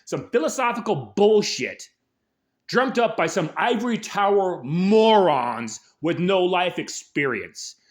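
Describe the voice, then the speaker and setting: A man hosting a show, delivering an angry, aggressive political rant full of swearing. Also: sits high. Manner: angry, aggressive, heavy swearing, shouted peaks. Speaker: host.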